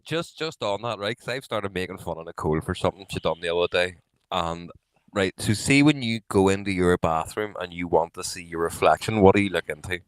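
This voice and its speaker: A man's voice: deep voice, brisk, clear, resonant tone, no echo, low-quality recording. A man co-hosting a podcast, joking and mimicking people in casual banter. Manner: jokey, mimics voices, laughs often. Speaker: podcast co-host.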